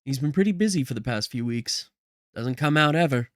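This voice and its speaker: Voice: mid-range voice, lively intonation, fairly quick, no echo, clean studio sound, close to an everyday voice. A game streamer voicing a friendly, chatty male museum security guard during a read-through of game dialogue. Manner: casual, folksy small talk.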